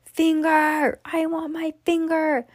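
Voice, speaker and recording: Woman doing a demanding storybook mummy, wailing and loud, pitched well above her own voice. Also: monotone, slow, no echo, studio quality. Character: moaning male mummy hunting his lost finger.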